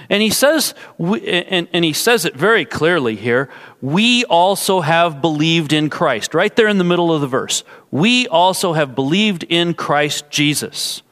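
A man's voice: a little high, a bit bright. A man preaching an expository sermon, explaining carefully and putting rhetorical questions to his listeners. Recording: long hall reverb.

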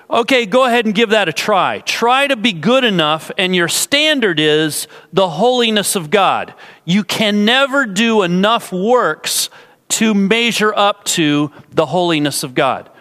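Man, sermon, explains step by step, rhetorical questions, very animated pitch, long hall echo. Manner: explains carefully, asks the audience rhetorical questions. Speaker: preacher. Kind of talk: expository sermon.

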